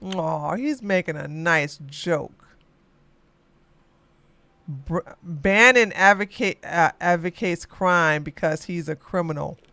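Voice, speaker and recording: A podcast host reading news headlines aloud and reacting with loud exclamations and asides. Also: medium pitch, slow pace, no echo. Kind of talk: live news commentary.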